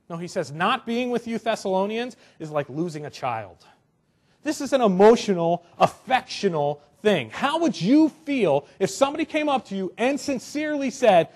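A young man with a fairly high voice delivers a sermon in a relaxed, conversational way. He jokes with the congregation and keeps the talk animated. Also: normal speed. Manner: conversational, animated, joking asides. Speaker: pastor.

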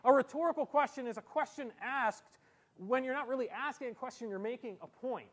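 A pastor preaching a sermon, animated, using comic voices and heavy sarcastic emphasis to make his points. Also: very high-pitched, brisk. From Italian heritage. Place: church.

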